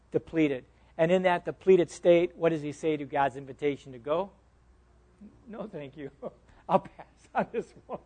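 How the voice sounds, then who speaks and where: A pastor teaching a Bible class in an animated, interactive way, often restarting his words and putting questions to his listeners. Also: high voice.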